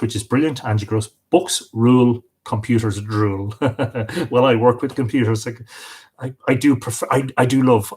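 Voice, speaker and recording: A man's voice: mid-range voice, husky. An Irish man hosting a casual livestream at home, chatting off the cuff and greeting viewers by name. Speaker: host. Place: home with bookshelves.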